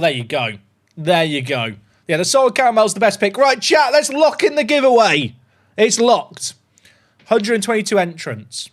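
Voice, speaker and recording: A man chatting casually on a gaming livestream, excitable and rambling. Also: sits high.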